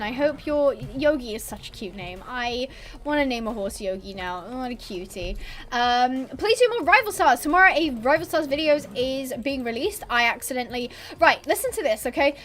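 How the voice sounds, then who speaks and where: Young woman, high voice, chatty livestream host, rambling, laughs a lot. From born abroad on a military base, British. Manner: chatty, rambling, reads chat aloud, laughs often. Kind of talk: casual livestream chat.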